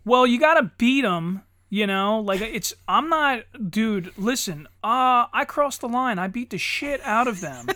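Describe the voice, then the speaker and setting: A man's voice: very high voice, animated, unhurried, few pauses, bright, forceful tone, dry recording. A man in his forties co-hosting a podcast, joking crudely and exaggerating for laughs in casual banter. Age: 40s. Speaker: podcast co-host. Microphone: studio mic.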